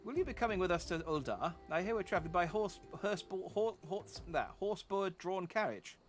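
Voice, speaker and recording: A man voicing an eager young boy who chats earnestly, in a raised, lively voice. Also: high voice, normal speed, faint music behind.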